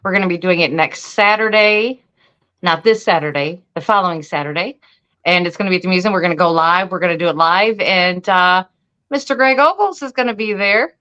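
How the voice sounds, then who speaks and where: This is a woman with a bright, forceful tone, talking in an upbeat way and quickly chiming in to agree. Her voice comes over a dull, lo-fi video call line. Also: on the low side. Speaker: co-host of a paranormal show. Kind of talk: casual live-stream chat.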